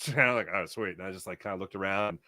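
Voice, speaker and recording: A man's voice: sits low, racing, dry recording, clean studio sound. A man hosting a casual sports talk show, reading viewer chat and telling stories in a chatty way with frequent laughs. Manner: animated, chatty, laughs often, storytelling.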